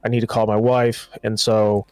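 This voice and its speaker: A man's voice: on the low side, little pitch movement, moderate pace, a little mellow, no echo. A man co-hosting a podcast, loosely retelling a TV series in casual chat and slipping into quoted lines. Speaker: podcast host.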